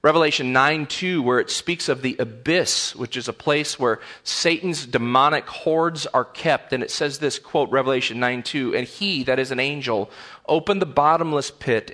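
A man's voice: mid-range voice, sharp tone. A pastor preaching an earnest, emphatic sermon in a church, often repeating words as he builds a point. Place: church sanctuary.

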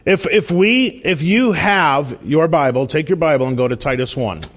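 A man's voice: on the high side, animated, moderate pace, slightly rough. A man delivering a sermon as a pastor in a church, earnest and emphatic, with asides and bits of self-deprecating humor.

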